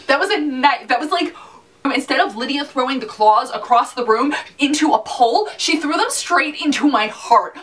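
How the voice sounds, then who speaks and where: A young woman gushing emotionally and quickly in a fan reaction chat, her words tumbling out in excited bursts. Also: sits high. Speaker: fan vlogger reviewing a TV episode. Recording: voice a little far from the mic.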